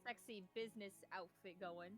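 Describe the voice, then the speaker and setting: A woman's voice: mid-range voice, steady tone, normal speed, no echo, soft background music. A young woman joining a stream, bantering casually and teasing her friend. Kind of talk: casual chat.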